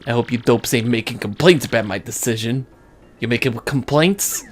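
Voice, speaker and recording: A woman voicing a gruff, menacing middle-aged male mob boss in a video game, with slangy tough-guy talk and drawling pauses. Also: rumbling low.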